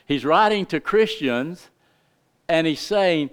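A man's voice: a little high, lively intonation, a little slow, clean tone. A middle-aged man preaching a sermon in a folksy, emphatic way, full of rhetorical questions. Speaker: pastor.

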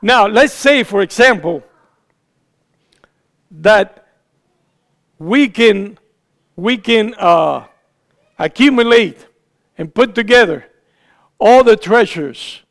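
A man's voice: high-pitched, gravelly. A man preaching a sermon, emphatic, repeating phrases for stress.

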